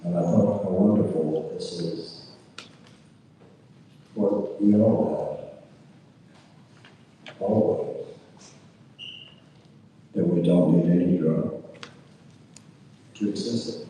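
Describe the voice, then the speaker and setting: A man slowly recounting a personal experience, halting with fillers and repetitions. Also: low voice, mellow, heavy reverb, in a large hall, distant mic, slight background noise, poor audio. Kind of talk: slow reflective storytelling.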